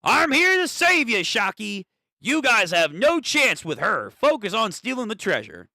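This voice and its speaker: A swaggering pirate with a thick American Southern drawl, as a man puts him on. He talks loud, high and cocky, leaning hard on each word. The take sounds close and dry. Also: huge pitch swings, measured pace, gravelly, dry recording, heavily acted.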